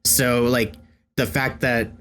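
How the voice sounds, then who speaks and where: A man's voice: medium pitch, little pitch movement, slow pace, a bit bright. A man hosting a podcast, talking in a loose, thoughtful way with many fillers. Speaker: podcast host. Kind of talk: casual podcast chat.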